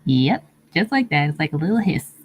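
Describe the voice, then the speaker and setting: A woman hosting a casual livestream, answering viewer comments in a meandering, easygoing way with frequent pauses. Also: deep voice, very animated, slight background noise, rough recording. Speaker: livestream host. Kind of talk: casual live-stream chat, reading viewer comments.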